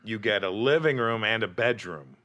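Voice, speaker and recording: A man's voice: fairly low pitch, animated, normal speed, sharp tone, highs cut off. A male comedian telling road stories in a casual podcast chat, swearing and acting out the people in them. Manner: swearing storyteller, acts out voices.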